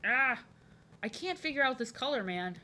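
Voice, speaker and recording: A young woman chatting while drawing on a live stream. She talks in an overexcited, chatty way, often repeats herself, and has a youthful voice that people say sounds like an excited little boy. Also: sits high, moderate pace. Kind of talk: casual chat while drawing.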